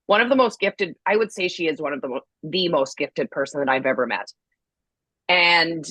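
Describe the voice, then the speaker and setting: A woman's voice: mid-range voice, no echo, poor audio. Woman co-host, candid storyteller, slightly stuffy from a cold, dry mic. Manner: candid, animated storytelling with acted-out quotes. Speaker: podcast co-host. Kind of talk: casual chat.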